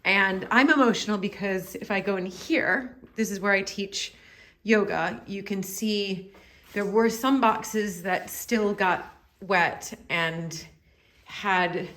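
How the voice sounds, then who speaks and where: Taking it slowly, an American woman with a medium-pitched, fairly bright voice vlogs casually from behind a handheld camera. She's down in a house cellar, and her talk is emotional, rambling and full of apologies.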